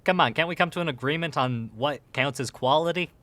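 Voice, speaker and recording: A man's voice: a little high, a little fast, sharp tone, no echo. A man voicing a tough male gangster with a put-on Boston accent and old-school mobster bluster. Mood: mock-sweet. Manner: threatening in a jokey tough-guy way.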